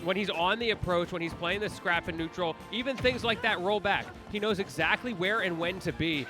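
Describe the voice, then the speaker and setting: A high-voiced man does color commentary on a live fighting game match. He breaks down player habits in detail and drops playful quips. Game music runs clearly behind him. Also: fairly quick.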